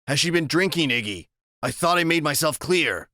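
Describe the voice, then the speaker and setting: A man voicing a cold, controlling ex-convict father in an audiobook, speaking with quiet menace and command. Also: fairly high pitch, lively intonation, moderate pace, dry recording, studio quality, pitched above the performer's own voice. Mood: menacing.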